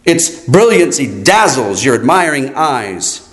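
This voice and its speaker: A man's voice: medium pitch, big pitch swings, takes it slowly. A man preaching a sermon in a solemn, declaiming way, his voice rising and falling. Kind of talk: sermon reading.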